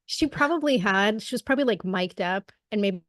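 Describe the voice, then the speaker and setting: A woman co-hosting a podcast, chatting casually, guessing out loud and critical, with plenty of fillers. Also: medium pitch, animated, a little fast, no echo, clean studio sound. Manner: speculative, critical, many fillers. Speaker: podcast co-host. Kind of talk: casual political chat.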